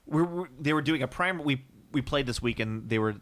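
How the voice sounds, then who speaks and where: Guy cohosting a gaming podcast, swears a lot, rants and jokes, average pitch. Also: lively intonation, a little fast, fairly bright tone. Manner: crude, joking, ranting. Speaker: podcast co-host. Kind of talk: casual chat. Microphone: studio microphone.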